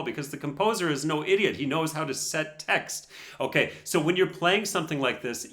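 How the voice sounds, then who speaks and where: A man's voice: fairly high pitch, fairly bright tone. A man teaching piano while reacting to a performance, analytical and frankly opinionated, humming melodies to make his points. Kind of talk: explanatory reaction commentary.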